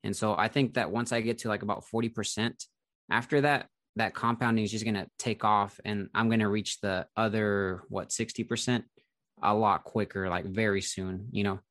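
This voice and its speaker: A man with a low voice talks in an easygoing, chatty way, leaning on filler words. He is recorded close and dry, with no room sound around him. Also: steady tone, normal speed, fairly bright tone, no room sound. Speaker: investing YouTuber. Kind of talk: casual conversation between creators.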